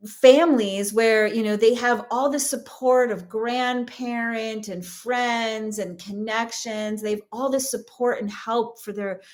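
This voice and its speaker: A woman's voice: fairly high pitch, steady tone, unhurried, few pauses. A woman host talking candidly in a personal, reflective monologue, earnest and full of fillers and restarts. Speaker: host and course teacher.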